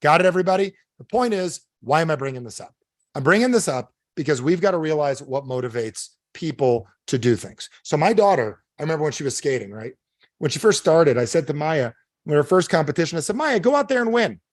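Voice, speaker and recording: A rapid, emphatic man in middle age lectures an online audience, firing question after question at them. His voice sits a bit high for a man, and the sound is close and dry with no room echo. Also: animated. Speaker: motivational speaker. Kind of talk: live online coaching talk.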